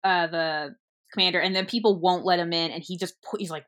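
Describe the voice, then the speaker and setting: A young woman in casual chat about a movie, retelling scenes with lively quoted lines and frequent fillers. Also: mid-range voice, moderate pace. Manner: animated storytelling, acting out quoted lines. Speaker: movie reviewer.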